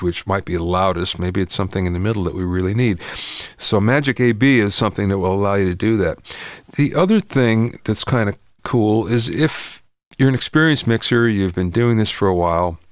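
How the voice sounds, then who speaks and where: A man hosting a podcast, casually talking through a product in a relaxed, enthusiastic, conversational way. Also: lowish voice, no room sound, clean studio sound. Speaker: podcast host. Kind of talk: casual spoken product review.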